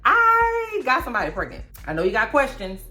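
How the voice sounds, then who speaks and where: A woman's voice: high voice, huge pitch swings, brisk, sharp tone, pitched above the performer's own voice, full character voice. Lady doing a sheepish young dude, mumbly and offhand. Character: sheepish young man confessing to his stepmother.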